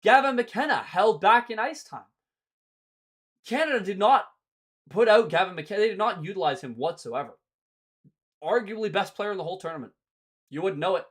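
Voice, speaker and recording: Young man, hockey host, exasperated rant, sarcastic, very animated pitch. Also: moderate pace, long pauses. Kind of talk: ranting sports commentary.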